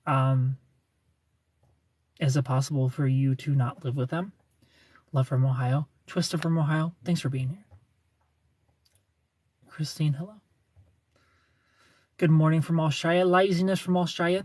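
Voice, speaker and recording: Guy doing a chatty livestream, slightly high voice, dry close mic, keeps greeting people. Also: no room sound. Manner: chatty, reads viewer names and comments aloud; teasing, laughs often. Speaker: livestream host. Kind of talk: casual livestream chat.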